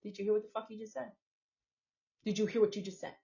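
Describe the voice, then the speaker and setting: A woman's voice: mid-range voice, flat delivery, quick pace, creaky, pauses often, warm tone. A woman hosting a podcast, delivering a live, profane, confrontational rant in a preachy tone. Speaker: podcast host. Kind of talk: live ranting monologue. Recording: muffled lo-fi audio.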